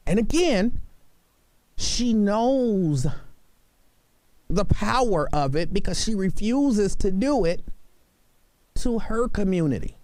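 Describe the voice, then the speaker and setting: A man's voice: sits high, lively intonation, slow pace, pauses often, darkish tone, no echo. A man hosting a talk radio show from a studio, arguing his point emphatically and hammering it home by repeating himself. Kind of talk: opinionated talk radio monologue. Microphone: studio microphone.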